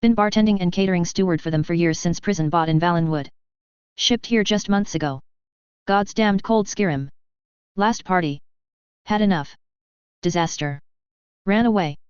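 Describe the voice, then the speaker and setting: A woman's voice: on the low side, normal speed, long pauses, clean tone, no echo, dull audio, close to an everyday voice. A woman reading aloud, voicing a drunken, foul-mouthed male elf bartender who rambles about his troubles. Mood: bitter. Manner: slurred, crude, grumbling rant.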